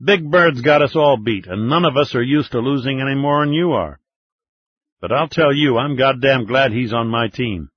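A wry, cocky American soldier talks in a raised, brash voice and swears easily, as a male narrator puts him on. The voice is husky and the sound is dull and dry. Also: mid-range voice, moderate pace, no echo, pitched above the performer's own voice, close to an everyday voice. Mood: boastful.

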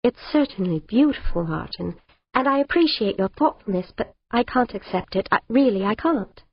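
A woman's voice: fairly high pitch, lively intonation, moderate pace, husky, no echo. A woman reading an audiobook, voicing a distressed young woman who pleads and breaks off mid-sentence, on a dull, dry recording. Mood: pleading.

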